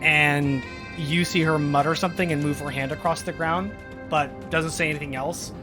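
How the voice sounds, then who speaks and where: A man running a tabletop game as game master, giggly and animated, putting on voices for the characters. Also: a little high, normal speed, music in the background.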